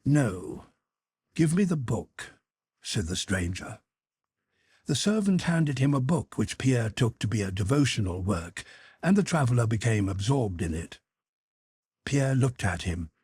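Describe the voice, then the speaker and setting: A man reading a classic novel as an audiobook narrator in a steady, even storytelling voice. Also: medium pitch, unhurried, husky, dry recording, clean studio sound.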